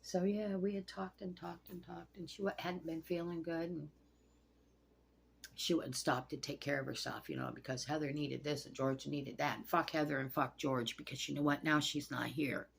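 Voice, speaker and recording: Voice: medium pitch, fairly even intonation, moderate pace, vocal fry, slightly rough. A person in their sixties telling a rambling, emotional late-night personal story, swearing often.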